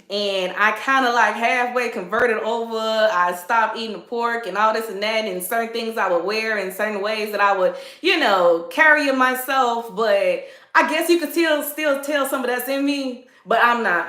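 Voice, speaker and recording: A Southern woman in her thirties chats animatedly on a livestream, her voice bright and a touch high. Her talk is loose and playful, full of laughter. The sound carries the echo of a hard-walled room. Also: normal speed. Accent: Southern American. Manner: chatty, animated, greets viewers, laughs often. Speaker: livestream advice host. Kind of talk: casual livestream chat. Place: indoor room, seated.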